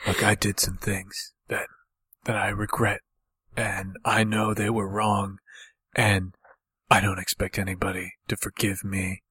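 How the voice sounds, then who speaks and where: A man's voice: on the low side, flat delivery, unhurried, pushed and bright, slightly rough, dry recording, exaggerated voice. A man voicing a guilt-ridden young man who speaks in a mournful, subdued way. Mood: remorseful.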